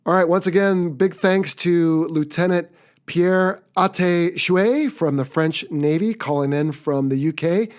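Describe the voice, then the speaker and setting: An upbeat American man hosts a casual podcast. His voice sits a bit high for a man, and his talk is chatty and relaxed. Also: a little slow. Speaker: podcast host.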